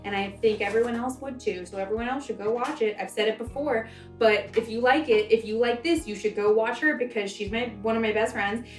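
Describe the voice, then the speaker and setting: A woman's voice: fairly high pitch, fairly even intonation, fairly quick, faint music behind. Chatty young woman in echoey kitchen. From American South. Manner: rambling, chatty, self-interrupting. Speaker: cooking vlogger. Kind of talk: casual cooking vlog chat. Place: home kitchen. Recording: echoey kitchen, mic far off.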